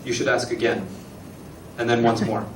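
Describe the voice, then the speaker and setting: A man's voice: medium pitch, fairly even intonation, normal speed, background noise. A man giving a chatty presentation to an audience, asking questions and acting out short dialogues. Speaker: guest speaker at an embassy talk. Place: event room with an audience. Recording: echoey room recording from a distance.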